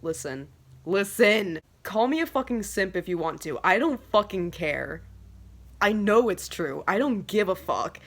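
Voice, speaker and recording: A woman in her twenties telling a casual storytime vlog, swearing constantly and talking excitably. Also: medium pitch, normal speed. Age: 20s. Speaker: vlogger.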